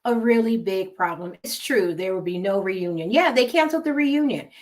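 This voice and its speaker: A woman's voice: mid-range voice, lively intonation, normal speed. A woman with a West Coast American accent gives casual, emphatic gossip commentary and repeats words for effect. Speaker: gossip vlogger.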